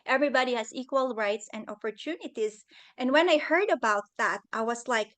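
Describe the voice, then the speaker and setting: A middle-aged woman, appearing as a guest speaker over a video call, gives an earnest, emotional talk on leadership and acts out the voices she quotes. Her voice is a little high and fairly bright, moving at a fairly quick pace, picked up by a computer microphone.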